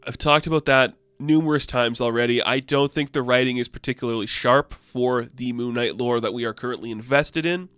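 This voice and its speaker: A man's voice: medium pitch, a little fast, hardly any pauses, a bit bright, clear, resonant tone, dry recording. A man casually reviewing a comic book in a rambling, offhand way, full of fillers.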